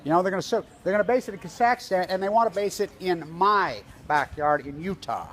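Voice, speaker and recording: A man's voice: high voice, a little fast, fairly bright tone. Agitated man ranting at a street protest. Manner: agitated, conspiratorial, tells stories with quoted dialogue. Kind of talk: self-filmed protest vlog, rambling commentary. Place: outdoors on a street outside an office building. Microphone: handheld camera.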